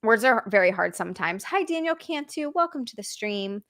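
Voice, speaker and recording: A woman hosting a casual live stream, reading out chat and gushing with excited thanks. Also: medium pitch, moderate pace, no room sound, clean studio sound. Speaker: streamer host.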